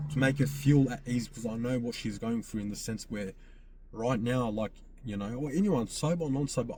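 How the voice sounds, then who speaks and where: A man's voice: medium pitch, dark tone, slight background noise. A man hosting a podcast, telling a personal story in casual speech, often quoting himself and repeating phrases. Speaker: podcast host.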